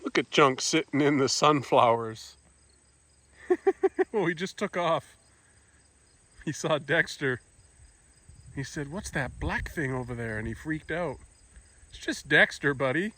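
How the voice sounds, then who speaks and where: A man's voice: expressive, slow, long pauses, pushed and bright, no room sound. A man narrating a casual farm vlog outdoors, talking fondly to his animals. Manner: talks fondly to his cats in a high coaxing voice. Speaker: farm vlogger.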